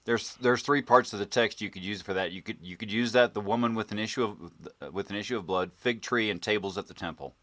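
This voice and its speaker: A man's voice: fairly low pitch, fairly quick, hardly any pauses, a bit bright. A man on a panel stream, explaining his points in a matter-of-fact way. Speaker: debate guest. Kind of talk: casual panel chat.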